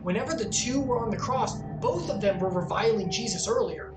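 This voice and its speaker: A woman's voice: mid-range voice, a little fast, echoey room, music in the background. A woman streaming a video game, chatting earnestly and animatedly in bursts. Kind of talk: casual chat over gameplay.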